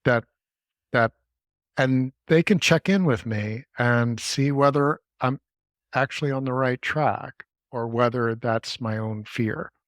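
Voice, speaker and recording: A man co-hosting a skills workshop, speaking thoughtfully and haltingly in casual talk. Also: medium pitch, no room sound, clean studio sound. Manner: hesitant, thoughtful, many fillers. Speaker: workshop co-host.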